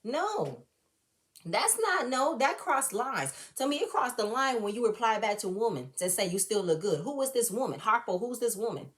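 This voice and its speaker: A woman's voice: on the high side, big pitch swings, normal speed. A woman giving a blunt, fired-up, profane recap and review of a reality show episode. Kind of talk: casual opinionated recap.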